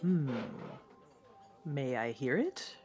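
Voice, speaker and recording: A man's voice: mid-range voice, sing-song, extremely slow, a little mellow, faint music behind. An actor playing a friendly young male stagehand who chats eagerly and casually.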